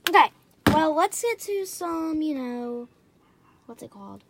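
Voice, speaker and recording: Chatty high-voiced young woman. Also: sing-song, a little slow. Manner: chatty, reacts with sudden squeals and soft near-whispers. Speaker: slime reviewer. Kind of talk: casual unboxing chat. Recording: loud background noise.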